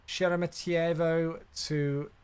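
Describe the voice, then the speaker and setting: A man's voice: fairly high pitch, flat delivery, takes it slowly, a little mellow, clear, resonant tone. A young man chatting casually on a live stream while flying a simulator, reacting aloud and answering viewers. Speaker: flight sim streamer.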